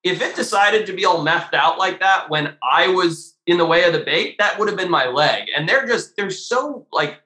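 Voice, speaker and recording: A man telling a story as a podcast guest, animated and casual, swearing freely and filling his talk with "like" and "you know.". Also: sits high, normal speed, few pauses, reverberant. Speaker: podcast guest, shark diver.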